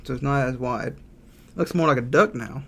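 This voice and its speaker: A man's voice: mid-range voice, normal speed, vocal fry. A man chatting casually on a livestream while he draws, thinking aloud and answering chat. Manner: relaxed, thinking aloud, reads out chat messages. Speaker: game developer streaming live.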